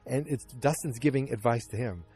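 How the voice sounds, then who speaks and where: A man hosting a podcast, recapping an episode in casual chat from his backyard, acting out the characters' lines in quick changing voices. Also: medium pitch, a little mellow, breathy edge, no echo, faint music behind. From Massachusetts. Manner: chatty, acts out character lines with quick voice shifts. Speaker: podcast host. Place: outdoors in a backyard.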